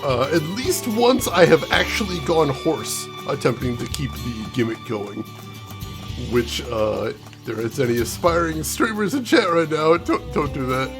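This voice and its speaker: A man's voice: on the high side, expressive, unhurried, over music. A man casually commentating a game live stream, chatting with his viewers and laughing often.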